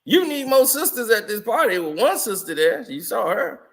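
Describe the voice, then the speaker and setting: Man, high voice, bright and sharp tone, laid-back photo commentary, laughs a lot, slangy storytelling. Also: sing-song, moderate pace. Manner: chatty, laughs often, loose slangy storytelling. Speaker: vlogger. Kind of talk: casual commentary over old photos.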